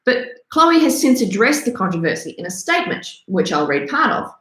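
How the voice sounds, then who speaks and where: A woman's voice: on the high side, very animated, a little fast, a bit bright. A woman giving a sarcastic, self-deprecating commentary monologue that turns into a rant. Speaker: host. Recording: roomy echo.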